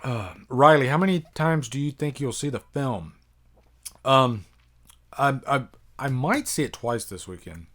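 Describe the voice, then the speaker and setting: An American man in his thirties hosts a live-stream Q&A, thinking aloud with plenty of ums and asides. His voice sits at an ordinary middle pitch and he talks into a desktop microphone. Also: lively intonation, a little slow, fairly bright tone. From United States. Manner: rambling and chatty, many fillers, reads out viewer questions. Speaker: YouTube horror movie reviewer, live stream host. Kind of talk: casual live-stream Q&A chat.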